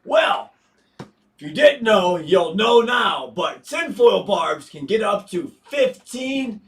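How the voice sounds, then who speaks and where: A man from the United States co-hosting a casual livestream, loud and excitable, often raising his voice while answering viewer questions. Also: high voice, takes it slowly. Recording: voice a bit distant from the mic.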